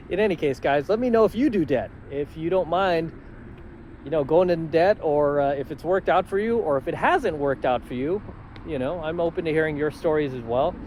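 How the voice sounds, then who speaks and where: A man's voice: a little high, lively intonation, normal speed, darkish tone, a little hiss or hum, poor audio. A man telling stories in a casual vlog, confident and matter-of-fact. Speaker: channel host.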